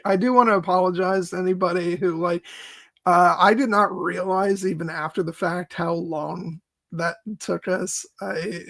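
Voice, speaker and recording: Gravelly guy hosting a film podcast, kinda high voice, lots of uhs and laughs. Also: fairly bright tone, no room sound. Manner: halting, filler-heavy, laughs often. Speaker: podcast host. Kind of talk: casual film discussion.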